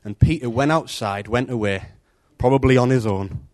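At normal speed, a man with a mid-range voice tells stories in an informal devotional talk. As a preacher, he's conversational and animated, performing different voices in the tale.

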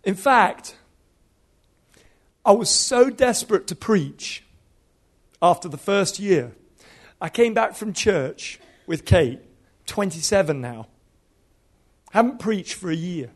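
A man's voice: high voice, lively intonation, slow pace, long pauses. A man in his fifties, a preacher telling stories in a sermon with humor and animation. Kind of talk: storytelling sermon.

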